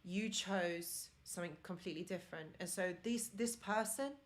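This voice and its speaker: A woman with a noticeable accent speaks on her live stream, her voice sitting a little on the low side. She talks earnestly and encouragingly, addressing her viewers directly as she gives them advice. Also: normal speed. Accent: non-native accent of English. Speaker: live-stream host and relationship mentor.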